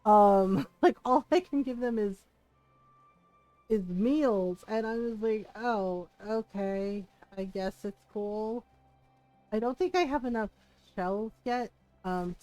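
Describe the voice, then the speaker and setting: A woman's voice: medium pitch, a little mellow, no room sound. A young woman streaming a game from home, chatting casually in a rambling way and laughing often. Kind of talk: casual gameplay chat.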